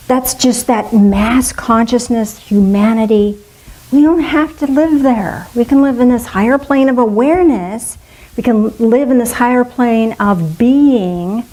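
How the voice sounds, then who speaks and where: A woman's voice: fairly high pitch, mellow, rough recording. A middle-aged woman minister giving a spiritual talk to a congregation, playful and musing aloud with asides.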